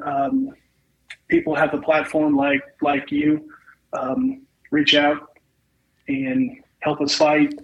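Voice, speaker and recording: A man speaks as an interview guest, polite and halting. His voice is gravelly and a little high. He talks very slowly and pauses often on ums. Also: fairly bright tone, low-quality recording. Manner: polite, halting, says ma'am, many ums.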